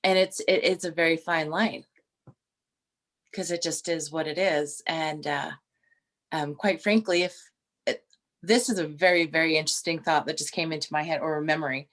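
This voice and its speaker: A middle-aged woman co-hosting a casual chat, telling stories with restarts and animated quoted voices. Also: sits low, moderate pace. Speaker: podcast co-host.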